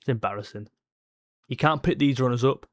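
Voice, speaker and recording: A man hosting a live football watchalong, reacting to the match with excitable, blunt comments and swearing at the players. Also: medium pitch, fairly quick. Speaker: fan watchalong host.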